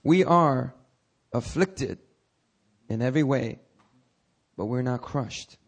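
A man's voice: medium pitch, slow, creaky, slightly rough. A male pastor preaching a sermon, talking candidly with his congregation and breaking into dramatic, rising cries. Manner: conversational, candid asides to the congregation.

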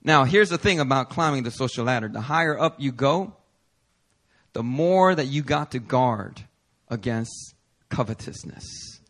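A male pastor preaching a sermon in a playful, animated way with casual slang. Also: medium pitch, unhurried.

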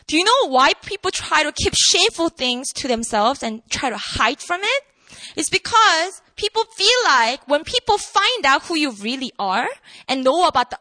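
Woman giving a sermon, high bright voice, dry close sound, lots of rhetorical questions. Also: no echo. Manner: animated, emphatic, asks the audience rhetorical questions. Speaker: preacher. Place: room with an audience.

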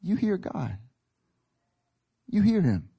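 Guy preaching at church, voice on the high side, gets loud and punchy. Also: big pitch swings, takes it slowly, gravelly, breathy edge. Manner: emphatic, builds in volume, acts out quotes. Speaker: pastor. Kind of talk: sermon. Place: church service hall.

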